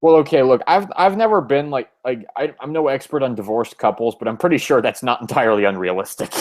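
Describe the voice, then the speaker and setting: A man's voice: mid-range voice, fast, darkish tone. A man hosting a casual comic review, recapping the plot and reading the dialogue aloud. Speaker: podcast host.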